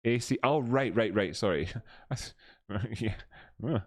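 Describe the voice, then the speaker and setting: A man who is a live stream host and market analyst thinks aloud over charts and chat, using many fillers. He speaks slowly in a mid-range voice with lively intonation. The audio is clean studio sound with no echo.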